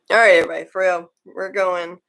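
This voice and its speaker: A woman's voice: fairly low pitch, little pitch movement, fairly quick, a bit bright. A woman, laughing and playfully wrapping up a live stream as co-host. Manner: laughs a lot, playful, gravelly. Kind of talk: casual chat signing off a live stream.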